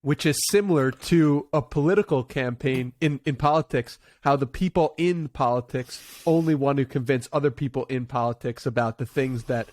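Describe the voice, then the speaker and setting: A man's voice: medium pitch, normal speed, hardly any pauses, a little mellow, dry recording, studio quality. A man hosting a podcast, posing thoughtful hypothetical questions to his guest. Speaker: podcast host. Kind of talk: interview questions.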